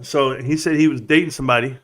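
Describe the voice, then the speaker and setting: A man's voice: mid-range voice, steady tone, fast, fairly bright tone. A young man hosting a casual livestream, joking crudely, laughing often and calling people bro. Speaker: livestream host.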